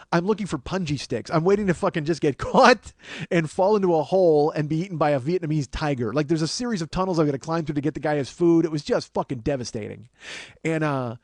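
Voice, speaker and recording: A man's voice: medium pitch, darkish tone, dry recording, studio quality. A man hosting a podcast, telling profane, rambling comic stories and acting out the quotes. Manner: profane, rambling, quick anecdotes with acted-out quotes. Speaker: podcast host. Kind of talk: casual comedic storytelling.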